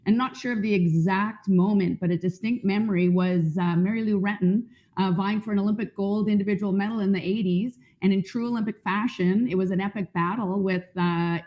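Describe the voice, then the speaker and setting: A woman from Canada, a panel guest, telling her own story in an earnest, reflective way with some filler ums. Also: mid-range voice. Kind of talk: personal storytelling. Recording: dull lo-fi sound.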